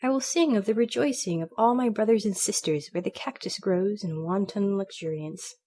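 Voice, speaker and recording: A woman's voice: medium pitch, moderate pace, dark tone, close to an everyday voice. Woman doing a dreamy canary, lyrical, sing-song, storybook bird, mid-range voice. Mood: wistful. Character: wistful male canary, dreamy and poetic.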